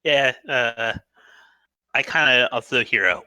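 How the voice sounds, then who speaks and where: A man's voice: medium pitch, moderate pace, pushed and bright, no echo. A man joining a game stream as a guest commentator, making dry, crude joking asides, his speech slightly altered after mouth surgery.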